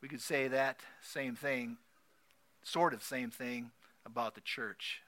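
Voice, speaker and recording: A man preaching a sermon, repeating key phrases emphatically and swinging between loud declarations and soft asides. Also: medium pitch, steady tone, slow, long pauses. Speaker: pastor.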